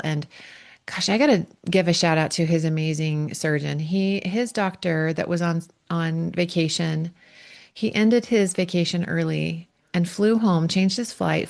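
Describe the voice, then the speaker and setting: A middle-aged woman coach talks through a personal monologue for her podcast. Her voice sits low and carries a gravelly fry. She speaks from the heart and pauses now and then to steady herself. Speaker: relationship coach.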